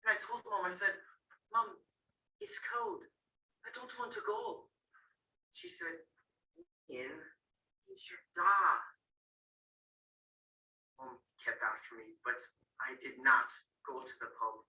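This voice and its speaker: A young man with an Irish accent performing a dramatic solo as an Irish boy recalling his violent drunken father, swinging between hushed and loud. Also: fairly high pitch, slow, pauses often, heavily acted. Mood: fearful. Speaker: student competitor. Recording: roomy, far from the mic.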